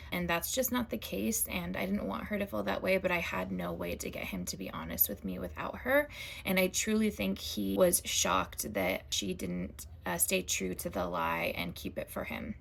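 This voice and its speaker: A woman hosting a storytime video who talks to viewers in a soft, intimate, confiding way. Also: medium pitch, creaky. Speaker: storytime host.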